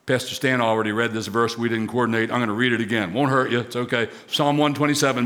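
A man's voice: mid-range voice, steady tone, quick pace, few pauses, a bit bright. A man preaching a sermon as pastor, emphatic, with rising, swelling repetition.

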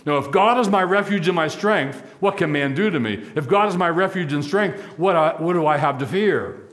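A man preaching a sermon as pastor, emphatic, stacking repeated phrases and slowing for key lines. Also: a little high, fairly bright tone.

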